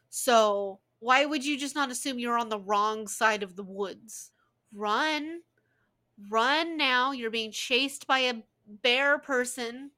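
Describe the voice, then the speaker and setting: A woman giving casual, sarcastic running commentary on a film she is watching with a friend. She swears freely and talks in an animated way. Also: fairly high pitch. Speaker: co-host reacting to a film.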